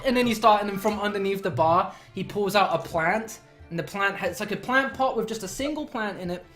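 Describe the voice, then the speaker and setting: Casual: guy running a d&d game, bright voice, stumbles and laughs while describing stuff. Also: sits high, faint music behind. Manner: halting, laughing, improvised description. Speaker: game master. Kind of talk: narrating a tabletop game.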